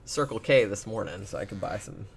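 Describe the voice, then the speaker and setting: A woman co-hosting a casual podcast chat, hoarse from a cold, blunt and quick to swear and laugh. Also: rumbling low. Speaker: podcast co-host.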